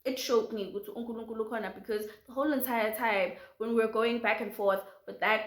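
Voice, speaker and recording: A young South African woman vlogger, telling a story with animated drama and switching quickly into isiZulu. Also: on the high side. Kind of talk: storytime vlog. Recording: roomy echo.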